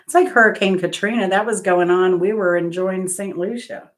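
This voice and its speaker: A woman who hosts a music trivia channel chats casually, her medium-pitched voice steady and her speed normal. She rambles through travel anecdotes, correcting herself and laughing along the way.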